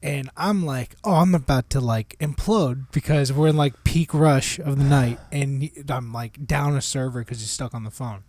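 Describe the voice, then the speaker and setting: A man's voice: medium pitch, steady tone, moderate pace, hardly any pauses, a little mellow, dry recording. A young man co-hosting a podcast, telling a story in casual chat, swearing and acting out quoted lines. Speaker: podcast co-host.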